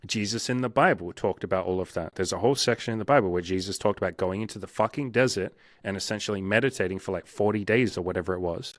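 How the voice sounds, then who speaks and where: Low-voiced man, blunt and profane. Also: fast, hardly any pauses, no room sound. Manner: frank, profane, acts out inner voices. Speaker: coach. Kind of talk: casual interview talk.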